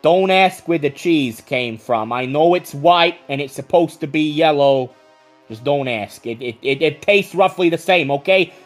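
A man's voice: fairly high pitch, lively intonation, a little slow, faint music behind. Man doing a rambling, shifty street vendor. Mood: chatty. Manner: rambling, slangy, stumbling over words. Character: chatty male street food vendor, shifty.

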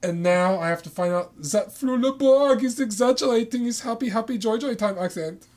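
A man's voice: high-pitched, normal speed, a little mellow. A man co-hosting a casual chat, profane and given to mock-outraged rants. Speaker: podcast co-host.

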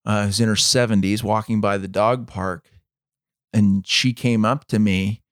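Low-voiced man telling a story. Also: fairly even intonation, dry recording, clean studio sound. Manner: measured, dramatic storytelling, acts out quoted voices. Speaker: podcast co-host. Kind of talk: storytelling in casual chat.

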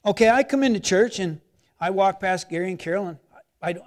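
A man with a notably high voice preaches as a pastor. His delivery is animated and conversational, and he voices people's anxious inner thoughts. He swings from emphatic, loud lines to soft, personal asides. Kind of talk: sermon.

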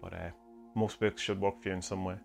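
A man's voice: low voice, little pitch movement, fairly quick, vocal fry, soft background music. A man hosting a podcast, musing aloud through listener questions in a rambling way with many hesitations. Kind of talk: casual chat reading omens from books.

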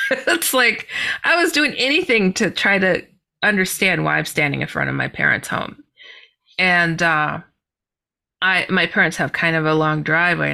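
Woman guest on a podcast, bright clear voice, excitable storyteller, lots of laughing. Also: on the low side. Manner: animated, laughing, exclaiming. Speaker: guest author. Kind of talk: personal storytelling.

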